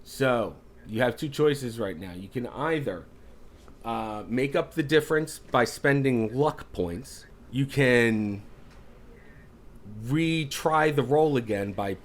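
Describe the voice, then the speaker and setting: A man running a tabletop horror game as game master, narrating casually with lots of fillers. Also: mid-range voice. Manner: casual, halting, with many fillers.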